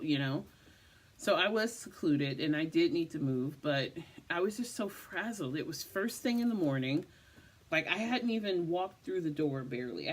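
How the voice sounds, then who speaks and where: A tired woman vlogging casually, rambling through the story of her day and repeating "I was just like" as she retells it. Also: sits low. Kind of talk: casual personal vlog.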